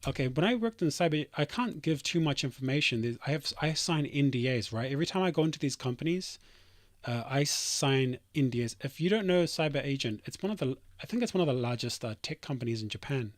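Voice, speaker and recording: A man on a livestream, talking through companies and reading his chat aloud, rambling and brushing comments off. His voice is mid-pitched and sits dry and close on a desk mic. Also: expressive, fairly quick, dry recording. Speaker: streamer and software developer.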